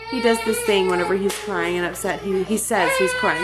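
A woman's voice: medium pitch, a little fast, hardly any pauses, over loud music. A woman in her thirties, a mother filming a casual home vlog, soothing and cooing at her toddlers while nursing her newborn. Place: family home with Christmas tree.

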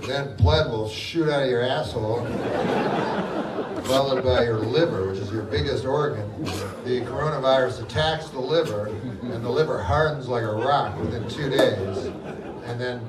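A middle-aged man doing live stand-up with a deadpan, rambling delivery and mumbled fillers, heard in a large hall with a live audience. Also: mid-range voice, normal speed, far from the mic, very noisy. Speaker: stand-up comedian. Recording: roomy live hall, loud crowd laughter.

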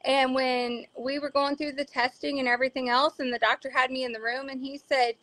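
A woman's voice: high voice, steady tone, fairly bright tone. A woman, a mother, talking earnestly in a casual discussion and acting out quotes now and then. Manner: earnest, quick to act out quotes. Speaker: parent guest.

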